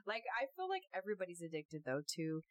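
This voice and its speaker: A young woman hosting a casual podcast, telling a story in an animated, giggly way with lots of fillers. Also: fairly low pitch, fast. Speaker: podcast host.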